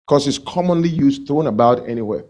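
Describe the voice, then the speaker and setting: A man's voice: medium pitch, lively intonation, a little fast, a little mellow. A male pastor preaching a sermon, asking the congregation questions and acting out everyday quarrels.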